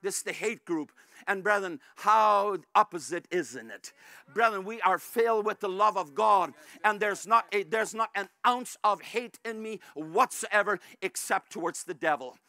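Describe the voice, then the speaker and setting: A male pastor preaching a fervent sermon, repeatedly addressing the congregation as brethren and rising to shouts at the peaks. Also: sits high, moderate pace, dry recording. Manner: rises to shouts at climaxes.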